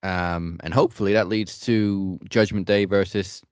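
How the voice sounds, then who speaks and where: A man co-hosting a wrestling podcast, calmly breaking down the matches in a measured, analytical way. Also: low voice, clean tone, no echo. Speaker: podcast co-host. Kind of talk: casual chat.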